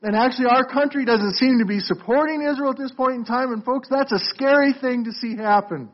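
A pastor with an extremely high-pitched voice preaches briskly and earnestly, calling his listeners "folks" and frequently repeating words as he restarts. The recording is muffled and lo-fi.

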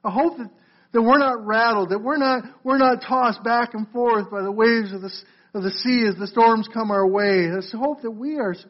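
This man's voice is very high as he preaches at a moderate pace. An earnest pastor, he calls people "folks" and often restarts, repeating words along the way; the audio is muffled and lo-fi.

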